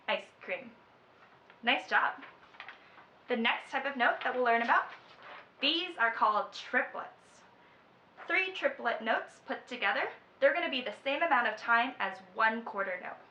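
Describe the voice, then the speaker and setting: A woman's voice: on the high side, expressive, normal speed, pushed and bright, slight background noise. A woman teaching a children's music lesson. She counts in and chants the rhythm words in time. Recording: echoey room, slightly dull sound.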